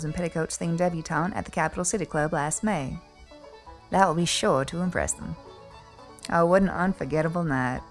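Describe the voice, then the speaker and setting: A woman with a deep, gravelly voice performs a comic monologue as a snobbish, wealthy middle-aged Southern belle mother with an Atlanta accent. She speaks in a prim, genteel and condescending manner.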